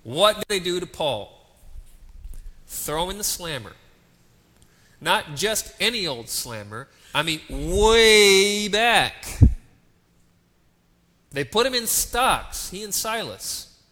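Animated preacher in a reverberant hall. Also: male voice, sits high, unhurried, pauses often, slightly rough. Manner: dramatic, rhetorical questions to the congregation. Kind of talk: sermon. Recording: long reverb of a large hall.

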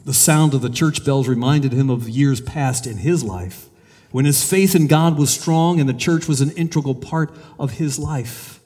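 Mellow-voiced man preaching in a hall. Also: medium pitch. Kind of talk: sermon with storytelling and prayer.

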